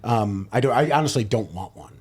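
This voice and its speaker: A man's voice: on the low side, lively intonation, brisk, darkish tone, slightly rough. A man in his thirties, a stand-up comedian, talking casually on a podcast, rambling with lots of fillers and restarts. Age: 30s.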